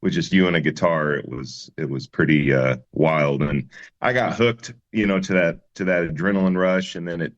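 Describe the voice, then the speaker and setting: A man's voice: low voice, moderate pace, highs cut off. A man, a musician guest, telling his story in an easygoing interview chat with many fillers and restarts.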